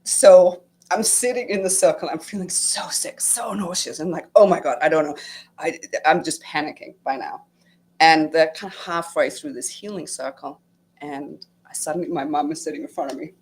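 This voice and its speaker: Middle-aged woman, low voice, casual storytelling, emotional, lots of fillers. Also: moderate pace, a little mellow. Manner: emotional, many fillers and acted-out inner quotes. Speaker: guest sharing her retreat experience.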